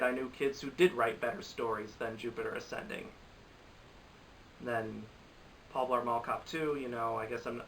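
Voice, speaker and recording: A man with a bright, ringing voice rambles through his reactions to bad films, exasperated and often restarting his sentences. He sits a little back from the mic, and a faint hiss runs under the home recording. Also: medium pitch, recorded from a distance, poor audio. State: recovering from a cold. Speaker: movie reviewer. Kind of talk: casual commentary to camera.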